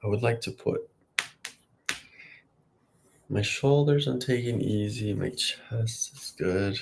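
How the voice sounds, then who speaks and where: A man's voice: on the low side, takes it slowly, vocal fry, a little hiss or hum. A man in his late thirties talking casually to the camera in a rambling, self-encouraging vlog. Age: late 30s. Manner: chatty, self-encouraging, wandering. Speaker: vlogger.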